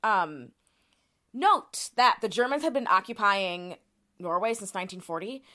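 A woman's voice: mid-range voice, lively intonation, unhurried, bright, forceful tone. A woman co-hosting a podcast, explaining a topic in casual conversation with frequent fillers and restarts. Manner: chatty, many "like" fillers and restarts. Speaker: podcast co-host presenting research.

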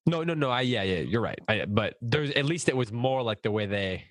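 A man in casual discussion, thoughtful and halting, often restarting his sentences. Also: mid-range voice, animated, fairly bright tone, no room sound.

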